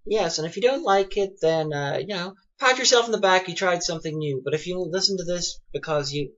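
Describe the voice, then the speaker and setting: A woman's voice: fairly low pitch, fairly quick. A woman co-hosting a podcast in casual chat, with dry, wry asides. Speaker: podcast co-host. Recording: muffled lo-fi podcast audio.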